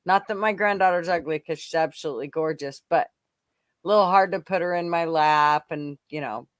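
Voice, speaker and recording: A man's voice: fairly high pitch, fairly quick, fairly bright tone, smooth, dry recording, clean studio sound. An older man and grandparent hosting a casual livestream chat, gushing and giggly, rambling as he talks.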